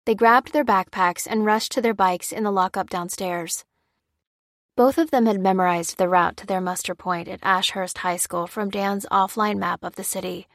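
A woman reading an audiobook chapter in a measured, steady scripted narration. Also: mid-range voice, dry recording, studio quality.

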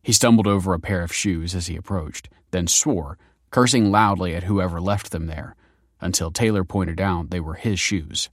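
A man narrating a story in a measured, wry manner. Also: low-pitched, dry recording, studio quality. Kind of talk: scripted narration.

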